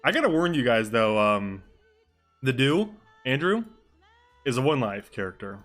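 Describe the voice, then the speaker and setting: A man's voice: mid-range voice, very animated, a little slow, a bit bright, soft background music. A young adult man streaming live, chatting casually over a game in a loose, joking way and swearing freely. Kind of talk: casual live-stream chat during game role-play.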